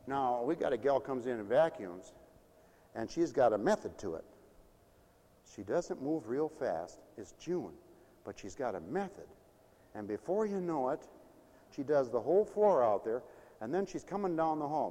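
A man's voice: medium pitch, sing-song, moderate pace, mellow, in a large hall. A man preaching a folksy sermon, playful and sing-song, acting out little everyday scenes.

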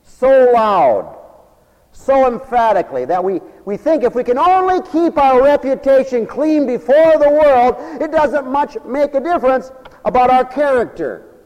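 A man's voice: extremely high pitch, lively intonation, a little slow, darkish tone, highs cut off. A man preaching a sermon in an emphatic, folksy way, telling stories and calling out for amens. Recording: long hall reverb.

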